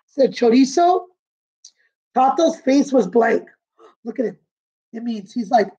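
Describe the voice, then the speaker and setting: A woman's voice: high voice, normal speed, highs cut off. A woman, a kindergarten teacher, reading a picture book aloud and explaining it to children. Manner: warm, explaining pictures and words to kids.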